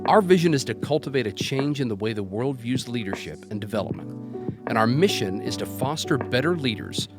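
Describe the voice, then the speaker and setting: Male podcast host, scripted intro read, even announcer delivery, mid-pitched voice, clear guitar music playing behind him. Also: brisk. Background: plucked guitar music.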